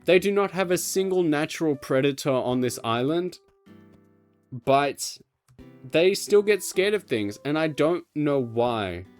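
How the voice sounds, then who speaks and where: Man streamer, casual rambling chat, coos at his cat, slow unhurried delivery, somewhat high voice, soft music underneath. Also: expressive, clear, resonant tone. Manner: talks fondly to his cat between game chatter; rambling and self-mocking. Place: home room.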